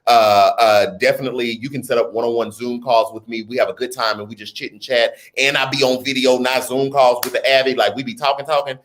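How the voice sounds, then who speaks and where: A man's voice: mid-range voice, fairly even intonation, fairly quick, hardly any pauses, a bit bright. A man hosting a casual livestream, reading viewer comments aloud and riffing on them with laughter and slang. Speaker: livestream host.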